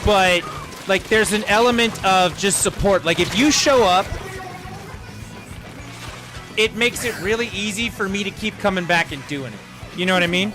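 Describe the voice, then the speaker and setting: A man's voice: high-pitched, normal speed, over music. A young man streaming a game and chatting casually to viewers, rambling with lots of fillers. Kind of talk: casual chat while gaming.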